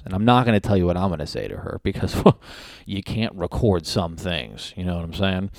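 A man's voice: sits low, brisk, a little mellow, dry recording, clean studio sound. A man hosting a solo comedy podcast from his home, rambling and crude and losing his train of thought. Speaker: podcast host.

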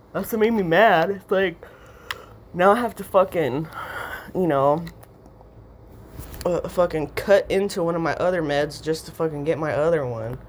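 A woman's voice: sits low, a little hiss or hum. A woman vlogging a profane, rambling rant, heated and swearing constantly as she vents.

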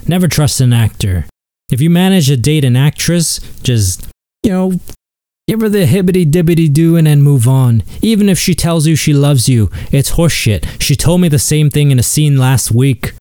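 A man's voice: mid-range voice, warm tone, dry recording. Crude, rambling male podcast host. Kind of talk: comedic monologue.

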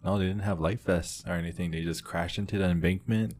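Deep-voiced young man rambling through a story. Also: steady tone, brisk, darkish tone. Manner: rambling, filled with "like" and restarts. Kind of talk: casual storytelling chat.

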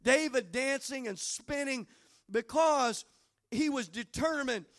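High-voiced preacher building to shouts. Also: male voice, expressive, takes it slowly. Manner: storytelling that builds to fervent shouting; folksy, humorous asides. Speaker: pastor. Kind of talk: sermon.

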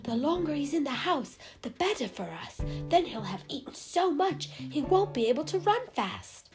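A woman voicing a bold young male farm cat in a storybook reading, speaking brightly and eagerly. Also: high voice, big pitch swings, moderate pace, music in the background, pitched above the performer's own voice. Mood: hushed.

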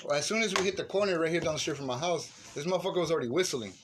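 A man tells a story to his friends in a raised, somewhat high voice, swearing freely and shouting out the lines he acts. The recording carries steady background noise. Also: rapid-fire. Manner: profane, animated storytelling with shouted reenactments. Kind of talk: casual chat. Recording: noisy room recording.

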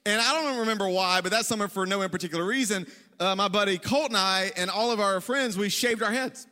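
A male pastor with a high, bright voice tells a funny story in a casual, self-deprecating way. He speaks in a large church hall, and his voice rings out with a long echo. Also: a little fast. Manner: self-deprecating, joking, conversational. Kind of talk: storytelling sermon.

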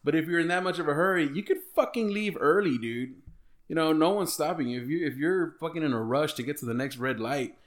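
A man's voice: on the high side, a little fast. A man, co-hosting a casual podcast chat and telling stories full of swearing and laughter. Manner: profane, laughing storyteller. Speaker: podcast co-host.

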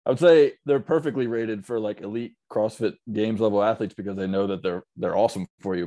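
Chill guy on a podcast agreeing along, lowish voice, dry sound. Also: warm tone, no room sound. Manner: easygoing, agreeable, self-deprecating. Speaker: podcast co-host. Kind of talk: casual chat.

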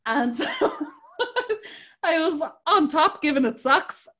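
A woman's voice: sits high, wildly swooping pitch, takes it slowly, fairly bright tone. An Irish woman telling bawdy stories in a casual chat, often laughing as she talks. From Ireland.

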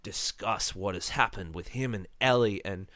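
A man's voice: fairly low pitch, normal speed, sharp tone, dry recording. A man hosting a podcast, casually recapping a reality show with wry, dry asides. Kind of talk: casual chat.

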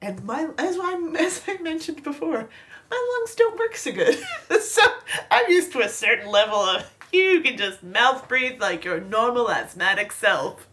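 A woman's voice: on the high side, big pitch swings, measured pace, fairly bright tone. A woman co-hosting a podcast in casual chat, playful and teasing, laughing often. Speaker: podcast co-host.

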